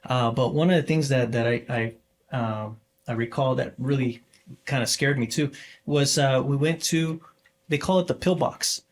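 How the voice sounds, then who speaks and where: Forty-something guy rambling thru a story on a podcast, lots of uhs and restarts, regular mid voice. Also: mid-range voice. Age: 40s. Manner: rambling, halting, many fillers and restarts. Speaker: podcast guest. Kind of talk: casual storytelling interview.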